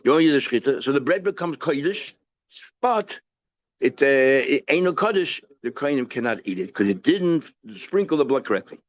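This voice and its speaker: A rabbi teaching a daily Talmud page in a casual lecture, asking questions and answering them himself, mixing English with Hebrew and Yiddish terms. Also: male voice, medium pitch, expressive, brisk, highs cut off.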